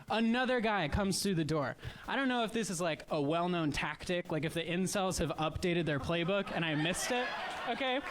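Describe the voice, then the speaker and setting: A man with a Midwestern American accent doing a stand-up comedy set, telling stories in a chatty, wry way with quick asides. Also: high-pitched, a bit bright, slight background noise. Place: live comedy stage.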